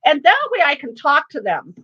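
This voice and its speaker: A woman's voice: extremely high pitch, muffled recording, pitched above the performer's own voice, heavily acted. A woman voicing a precocious, outspoken six-year-old boy who chatters on without stopping for breath. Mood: excited. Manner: breathless, excited, runs on without pause.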